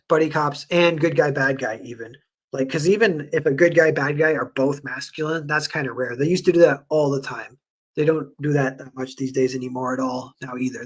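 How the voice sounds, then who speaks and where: A man streaming and chatting casually with viewers, rambling with lots of fillers and animated retellings. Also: medium pitch. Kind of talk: casual livestream chat.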